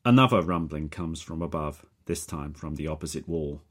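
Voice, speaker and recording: A man reads a first-person thriller in an unhurried, measured way. His voice sits extremely low, with a husky, breathy grain to it. The delivery is steady and even throughout. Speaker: audiobook narrator.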